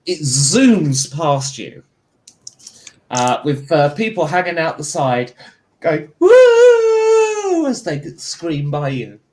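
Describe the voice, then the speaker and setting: Slightly high-voiced man narrating as game master. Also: slow. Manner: rambling, relaxed narration with fillers.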